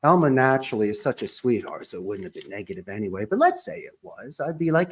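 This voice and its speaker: Appearing as a podcast guest, this call center owner talks fast with hardly any pauses, his mid-range voice swinging widely in pitch. His animated interview style is emphatic and punchy, loaded with sports and pop-culture references.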